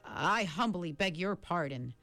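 Lady reading a nervous little paper boy, talks like he's reading a manual, lowish voice. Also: animated, unhurried, fairly bright tone, faint music behind. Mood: stiff, recited. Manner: recites stiffly as if from a manual. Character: anxious rote-talking boy newspaper carrier.

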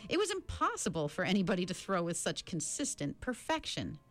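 A woman narrating a children's novel in an expressive reading voice. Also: brisk, soft background music. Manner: expressive reading with a lively pitch. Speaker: audiobook narrator. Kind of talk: storybook narration.

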